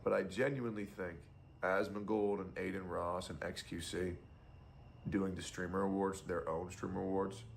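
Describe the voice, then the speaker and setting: A man's voice: deep voice, fairly even intonation, moderate pace, gravelly, slight background noise. A young adult man streamer giving casual, blunt and profane commentary.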